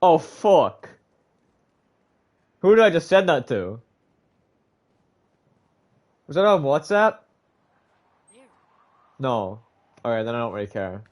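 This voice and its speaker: Swearing male game streamer, lively pitch. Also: takes it slowly, long pauses. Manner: swears freely, laughs, bursts into shouts. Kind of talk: casual live game streaming.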